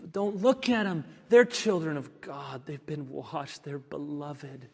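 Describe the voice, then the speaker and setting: A man's voice: on the high side, fairly even intonation, unhurried, few pauses. Preaching man in a reverberant hall. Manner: emphatic preaching that swings between ringing declarations and hushed, confiding asides. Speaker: pastor. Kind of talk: sermon. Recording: long reverb of a large hall.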